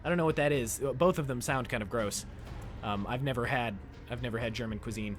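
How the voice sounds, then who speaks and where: A man's voice: medium pitch, brisk, music in the background. A young man from the United States chatting casually with his viewers while he plays a game, joking and squealing with delight when things go his way. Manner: excitable, jokey, squeals when pleased. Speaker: game streamer. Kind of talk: casual live-stream chat while gaming.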